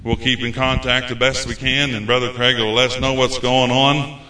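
A man preaching a folksy, animated sermon as a visiting preacher. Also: mid-range voice, normal speed, slight background noise. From United States. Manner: folksy, animated, acts out quoted voices. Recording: echoey room.

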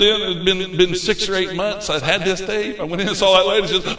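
A man's voice: high voice, steady tone, fairly quick, hardly any pauses, sharp tone. A man preaching a sermon as pastor, a folksy storyteller who acts out his own past words. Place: church sanctuary. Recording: echoey church hall.

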